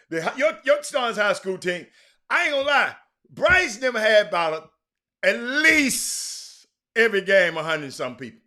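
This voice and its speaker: A man hosts a casual sports talk livestream. His bright, sharp voice sits high for a man. He talks in animated bursts, repeats names and restarts his sentences. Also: normal speed. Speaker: sports talk show host. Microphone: streaming mic.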